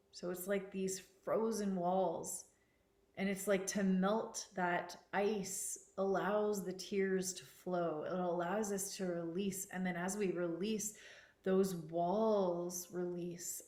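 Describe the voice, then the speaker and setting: A woman speaking as a spiritual teacher, slow, soft and earnest, repeating words for emphasis. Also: lowish voice, reverberant.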